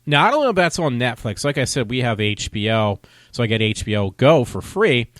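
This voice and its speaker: A man's voice: medium pitch, sing-song, brisk, a bit bright, no room sound, studio quality. A man vlogging a casual movie review, talking in a rambling, loose, conversational way.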